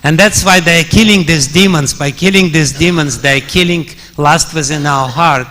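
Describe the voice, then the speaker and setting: A man's voice: fairly high pitch, moderate pace, bright, forceful tone, slight background noise. A man preaching a scripture story in a temple hall, chuckling often and using many fillers. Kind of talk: storytelling sermon.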